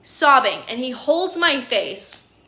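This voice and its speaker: A woman in her thirties tells a personal story with earnest, animated energy, leaning on "like" and "literally". Her voice is bright and a little high. The recording carries a noticeable room echo. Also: slow pace. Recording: echoey room.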